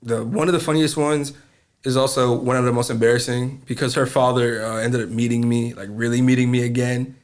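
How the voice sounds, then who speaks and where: A man co-hosting a casual podcast, trading blunt, slangy stories and breaking into loud laughter. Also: mid-range voice, flat delivery, a little fast. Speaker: podcast co-host. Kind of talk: casual chat.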